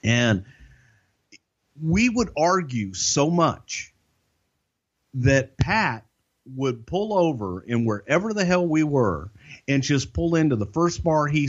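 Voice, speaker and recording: A man's voice: mid-range voice, muffled recording. Man telling a profane backstage story. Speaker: podcast guest. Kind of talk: casual anecdotal storytelling.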